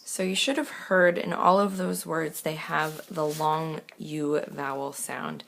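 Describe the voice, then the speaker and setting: A woman teacher giving a recorded lesson, reading words clearly one by one and explaining steps patiently. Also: low voice, slight background noise. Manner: slow, clear word-by-word reading; patient step-by-step instruction.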